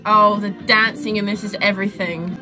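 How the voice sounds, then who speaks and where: A young woman giving casual reaction commentary on a music video, gushing and excitable and swearing freely. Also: mid-range voice, normal speed.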